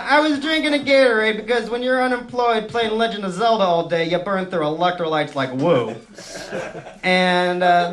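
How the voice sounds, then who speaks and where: A young male stand-up comedian from San Francisco, telling self-mocking stories in a wry, deadpan way on a club stage. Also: a little high. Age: young adult. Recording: noisy live club recording.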